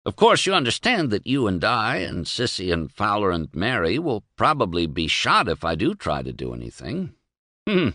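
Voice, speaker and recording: A man's voice: on the low side, huge pitch swings, normal speed, bright, forceful tone, no echo, clean studio sound, heavily acted. A man voicing a wry, outspoken middle-aged man who rambles sardonically and with emphasis. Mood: sardonic.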